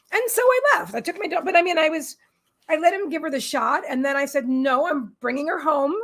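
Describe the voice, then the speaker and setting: A psychic reader and healer hosts a casual livestream, her high voice gravelly with a fairly bright tone. She talks in a rambling, emotional way, restarting often, and coos baby talk to her pets.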